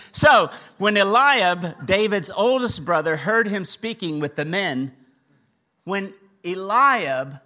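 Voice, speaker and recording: A man preaching a sermon, animated, acting out the characters' voices. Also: high-pitched. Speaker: pastor.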